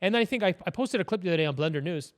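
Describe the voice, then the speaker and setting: Opinionated male podcast guest, rapid, blunt delivery, bright high register. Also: animated. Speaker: podcast guest, business owner. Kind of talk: casual political chat.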